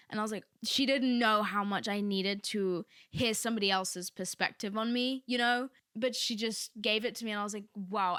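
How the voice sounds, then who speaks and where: A young woman talks through a solo podcast episode in a loose, candid ramble, full of filler asides. Her tone is bright and lively. The recording is dry and close, with no room around her. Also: on the high side, dry recording. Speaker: podcast host. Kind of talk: casual solo podcast monologue.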